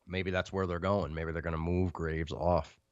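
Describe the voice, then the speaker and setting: A man's voice: deep voice, level tone, normal speed, smooth, no echo, highs cut off. A man co-hosting a casual podcast, asking questions and agreeing with short yeps. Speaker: podcast co-host. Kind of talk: casual wrestling chat.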